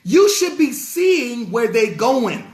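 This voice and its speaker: A man's voice: very high voice, sing-song, slow pace. A man preaching a sermon as pastor, emphatic and repetitive, hammering lines again and again. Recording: roomy echo.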